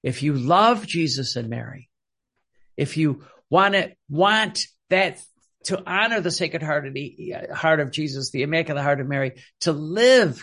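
A man preaching a fervent Catholic sermon, repeating phrases and dropping his voice low on quoted words. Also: vocal fry. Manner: fervent, repetitive, drops to a hushed tone on quoted phrases.

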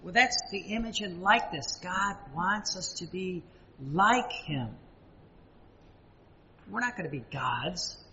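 A man preaching a sermon, emphatic and repetitive, with dramatic pauses and sudden rises. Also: high-pitched, animated, bright, forceful tone, big-room sound, dull audio, slight background noise.

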